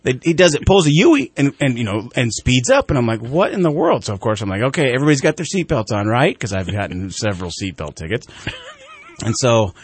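Animated middle-aged man telling a story. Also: mid-range voice, quick pace, slightly rough, no echo. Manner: animated storyteller, acts out quoted voices. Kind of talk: casual conversational storytelling.

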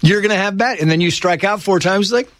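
A middle-aged man telling stories in a casual chat, animated, leaping into high shouted voices when he quotes people. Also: a little fast, no room sound, clean studio sound. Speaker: guest telling life stories.

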